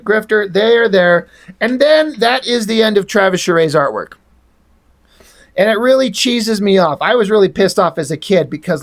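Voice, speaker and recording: Man hosting a casual comic review, rambling and profane, with strong opinions on the art. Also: sits high.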